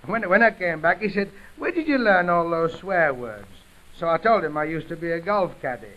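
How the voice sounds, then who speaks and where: A man's voice: a little high, animated, normal speed. A young man with a Yorkshire accent doing chatty, punchline-driven music hall patter, on a dull 1929 gramophone recording. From England. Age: 20s. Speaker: comedian. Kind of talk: music hall comic monologue.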